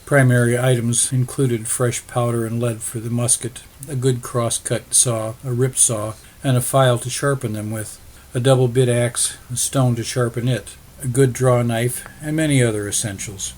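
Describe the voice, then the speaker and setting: A man's voice: medium pitch, fairly even intonation, normal speed, darkish tone. Man steadily narrating a story. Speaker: audiobook narrator. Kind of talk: scripted narration.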